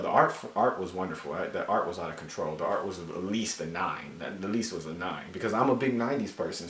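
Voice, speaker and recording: Casual male comic reviewer, lower voice, animated and cussing, roomy echo. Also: distant mic. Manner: animated, joking, profane.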